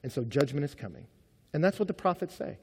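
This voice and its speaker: A pastor preaching a sermon as a man, telling stories with energy and dropping from loud to hushed. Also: a little high, fast talker, husky, in a large hall. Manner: animated storytelling, swings between loud and hushed.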